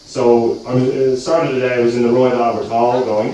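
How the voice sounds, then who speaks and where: A man's voice: mid-range voice, little pitch movement, normal speed, few pauses, warm tone. Hesitant Dublin man doing stand-up. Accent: Dublin Irish. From South Dublin, Ireland. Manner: hesitant, lots of ums and uhs, slips into mock-posh voices. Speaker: stand-up comedian. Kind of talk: stand-up comedy set. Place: comedy club stage. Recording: echoey room, mic far, noisy. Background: audience laughter.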